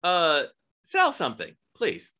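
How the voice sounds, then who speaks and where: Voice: medium pitch, wildly swooping pitch, slow pace, sharp tone. A podcast host running a trivia round, speaking in a wry, mock-announcer manner. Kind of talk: casual podcast hosting.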